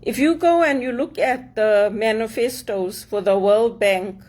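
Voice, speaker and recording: A woman speaking in a fairly high voice, with an accent that blends English and African sounds. She delivers an opinionated monologue in an earnest, emphatic way, hammering her points home by repeating them. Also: unhurried, darkish tone. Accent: mix of English and African. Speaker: vlogger.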